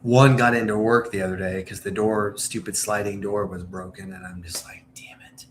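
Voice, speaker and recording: Chatty guy from southern indiana, rambly stream talk, lowish voice, faint hiss behind. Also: level tone, normal speed. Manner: rambling, chatty, jumps between topics. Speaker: livestream host. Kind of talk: casual chat while baking on stream.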